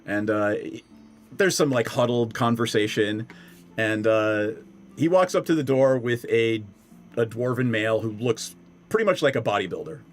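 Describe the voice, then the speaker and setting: A man's voice: mid-range voice, expressive, normal speed, soft background music. A man narrating as game master for a tabletop game, in a loose, rambling way with lots of fillers.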